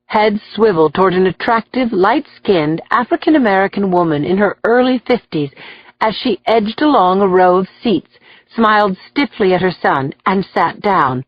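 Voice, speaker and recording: A woman narrating an audiobook in a steady, clear storytelling manner. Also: on the low side, moderate pace, no room sound, muffled recording.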